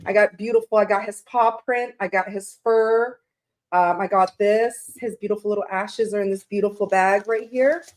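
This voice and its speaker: A woman with a darkish, mid-range voice and fairly even intonation talks at a moderate pace. She's hosting a tarot livestream from her room, emotional and tearful, greeting viewers by name in casual conversation.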